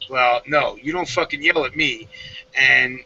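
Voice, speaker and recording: A man's voice: medium pitch, measured pace, sharp tone, slight background noise. A man on a casual panel telling blunt, profane stories from his working life, often checking "right?". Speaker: panel guest, blacktopper. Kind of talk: casual storytelling. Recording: muffled lo-fi audio.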